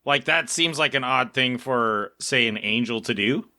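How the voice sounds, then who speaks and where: A man's voice: medium pitch, moderate pace, sharp tone. A man co-hosting a casual podcast, joking and wry in a skeptical way. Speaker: podcast co-host. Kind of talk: casual chat.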